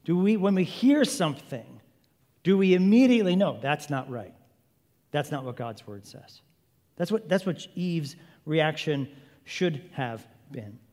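A male preacher delivers an animated sermon, firing off rhetorical questions with a playful edge. His voice sits somewhat high. A long hall reverb trails behind his words. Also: a little slow. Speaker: preacher and Bible teacher.

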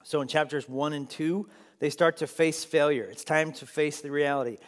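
A man's voice: a little high, moderate pace. A man teaching a Bible study class in a casual, chatty way, laughing often and checking in with his listeners. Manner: chatty, laughs often, asks the room "right?". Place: large room with a group of listeners. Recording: long echo of a large hall.

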